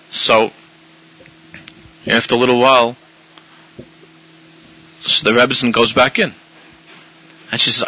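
Bright-voiced man telling a sermon story. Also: mid-range voice, normal speed, pauses often, muffled recording. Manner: animated storyteller, frequent restarts. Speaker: rabbi.

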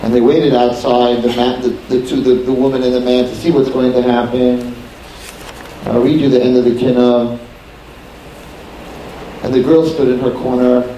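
A man's voice: medium pitch, little pitch movement, normal speed, pauses often, dark tone, slight background noise. A man telling a story as a sermon, as a religious teacher with a dramatic storytelling manner. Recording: very echoey hall, distant mic.

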